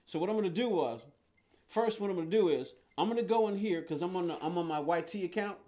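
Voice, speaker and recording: High-voiced man rambling through a game stream. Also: fast talker, dark tone. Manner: rambling, talks to viewers, thinks aloud. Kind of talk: casual live-stream chat while playing.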